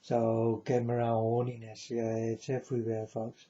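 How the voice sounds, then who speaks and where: Slow, mellow-voiced man ranting earnestly. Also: medium pitch, fairly even intonation, lo-fi sound. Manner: earnest, deliberate, addresses viewers as folks. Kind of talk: rambling monologue to camera.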